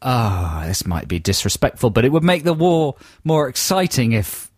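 This is a rambling, jokey man co-hosting on the radio. His voice sits at mid pitch with wide, lively swings. He is recorded dry at a studio mic. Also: moderate pace, no room sound. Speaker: radio co-host. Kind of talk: casual radio banter.

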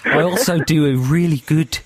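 A man's voice: fairly high pitch, normal speed. A man hosting a casual radio chat, joking and teasing in a giggly way. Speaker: radio host.

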